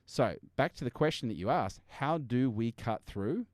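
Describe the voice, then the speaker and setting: A man's voice: medium pitch, expressive, moderate pace, no echo, clean studio sound. A man speaking as a podcast guest, emphatic and blunt, swearing now and then and acting out customers to make his points. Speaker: guest business strategist. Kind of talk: energetic podcast interview.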